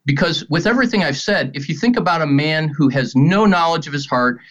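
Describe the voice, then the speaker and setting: A man's voice: a little high, a little fast. Earnest middle-aged man, dull lo-fi sound. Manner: earnest, storytelling, animated quotes. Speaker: ministry leader. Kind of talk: conversational Christian teaching.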